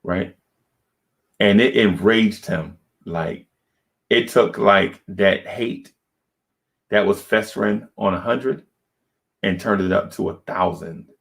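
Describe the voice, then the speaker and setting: A man with a low, gravelly voice telling a personal story on a podcast. He talks casually and keeps checking in with his listeners as he goes. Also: slow pace, long pauses, a bit bright. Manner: conversational, checks in with "right?". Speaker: podcast co-host.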